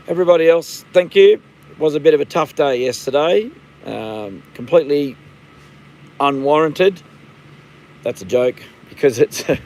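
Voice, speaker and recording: A man's voice: medium pitch, a little mellow, slight background noise, low-quality recording. Blunt Australian man in his fifties. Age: 50s. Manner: rambling, blunt, swears freely. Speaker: livestream host. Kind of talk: casual live-stream chat.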